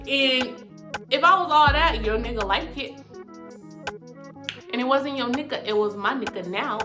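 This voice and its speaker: A young woman telling a personal story in a casual storytime vlog, profane and animated, jumping high in pitch when she acts out what people said. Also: a little slow, long pauses. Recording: music playing behind the voice.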